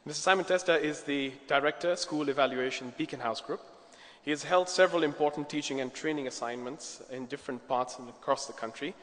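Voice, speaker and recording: A man's voice: a little high, fairly quick, a bit bright. A man moderating a conference and introducing the next speaker, talking conversationally with polite asides. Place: large conference hall. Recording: echoey hall, long reverb.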